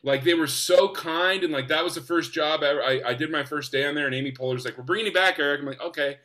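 Young guy excitedly telling showbiz stories, bright voice, sits kinda high. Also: fast talker. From United States. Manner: enthusiastic, animated. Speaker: actor guest. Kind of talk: casual storytelling.

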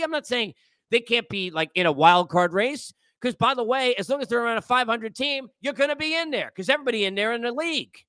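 A man's voice: extremely high pitch, fairly bright tone, no room sound. A man hosting a sports podcast, delivering an exasperated, lecturing rant that scolds his listeners. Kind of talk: ranting sports commentary.

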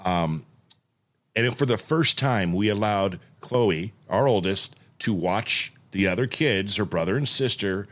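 A man's voice: on the low side, unhurried. A man in his forties hosting a podcast, chatting casually and acting out the voices in his story. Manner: animated storyteller, acts out voices. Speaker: podcast host. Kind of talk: casual chat.

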